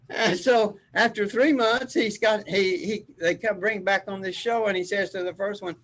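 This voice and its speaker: A man's voice: high voice, a little slow, fairly bright tone, poor audio. An older man, a spiritual teacher, telling a rambling story in casual group chat, laughing often.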